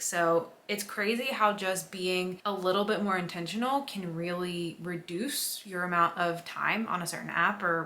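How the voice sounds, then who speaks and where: A young woman chatting casually to camera in a book vlog, rambling and excitable. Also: mid-range voice. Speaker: book vlogger.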